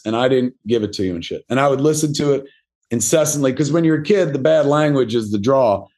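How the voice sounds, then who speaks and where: A middle-aged man spins loose, rambling anecdotes as a podcast guest, swearing freely and leaning on fillers. His delivery is casual and self-mocking, and his voice sits at an ordinary male pitch. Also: expressive, brisk, a little mellow. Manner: self-deprecating. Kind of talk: casual storytelling interview.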